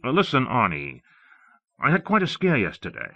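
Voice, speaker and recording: A man's voice: mid-range voice, huge pitch swings, normal speed, dry recording, voice pushed up. A man voicing a young programmer who talks in a hesitant, earnest way. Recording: dull lo-fi cassette audio.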